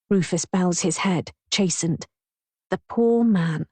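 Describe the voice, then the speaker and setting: A woman's voice: fairly low pitch, takes it slowly, a little mellow, breathy edge, dry recording. A woman narrating a first-person audiobook in a wry, mocking tone.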